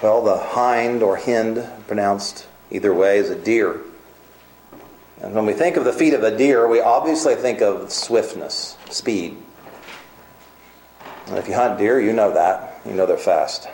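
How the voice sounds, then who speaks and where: A man preaches with earnest emphasis, slowing to a measured pace on his key points and hurrying through others. His voice sits fairly low. The sound carries a roomy echo. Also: a little mellow, slight background noise. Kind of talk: sermon.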